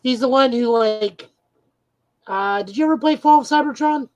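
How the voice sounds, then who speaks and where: A woman's voice: a little high, moderate pace, a little mellow, dry recording, poor audio. Woman eagerly recapping comics, dry sound. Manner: eager fan recapping plots, frequent "uh". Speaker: podcast co-host. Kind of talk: casual comic book review.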